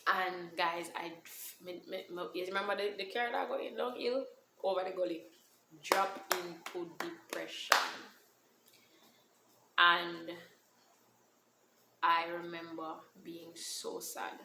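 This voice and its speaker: A woman tells a personal story to camera in a casual, animated way and slips into patois now and then. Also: on the low side, a little slow, creaky, pauses often, background noise. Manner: animated, switches into Caribbean-style patois when emotional. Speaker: vlogger telling a personal story. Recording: echoey room with faint ambience.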